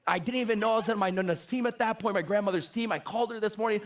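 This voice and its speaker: A man giving an energetic stage talk on sales, telling animated stories and acting out the dialogues. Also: high-pitched, rapid-fire, hardly any pauses. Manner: animated storytelling, acts out dialogues. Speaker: motivational sales speaker.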